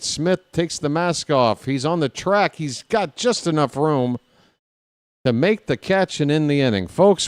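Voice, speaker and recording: A man's voice: on the high side, darkish tone, clean tone, dry recording, clean studio sound. A man calling baseball play-by-play for his stream, with casual, self-deprecating asides to viewers.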